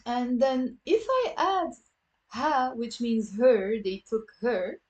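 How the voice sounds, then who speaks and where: A woman with a Lebanese accent teaching a live online Arabic class, lively and encouraging, saying words slowly for her students to repeat. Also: a little high, muffled recording. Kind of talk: live online language lesson.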